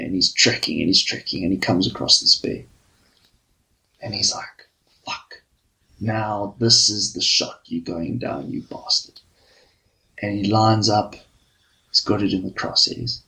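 A man's voice: on the low side, creaky, bright, forceful tone, low-quality recording. A man on a podcast telling a long crude joke, swearing freely and padding it with fillers. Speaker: podcast host.

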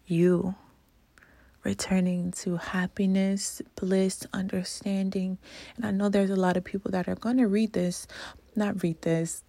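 A woman from Louisiana hosting a reflective podcast monologue, soft and earnest, often slipping into a whisper. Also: medium pitch, vocal fry, dry recording. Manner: emotional, earnest. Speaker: podcast host.

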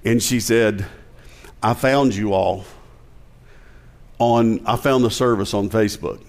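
A man's voice: fairly low pitch, steady tone, takes it slowly. A male pastor with a Southern American accent, preaching a conversational sermon with jokes and emphatic rising passages.

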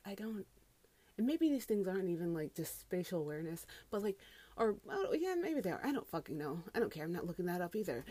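A woman's voice: medium pitch, mellow, no room sound. A woman who works as a grocery cashier, ranting casually about customers from inside a closet, exasperated and incredulous and swearing freely.

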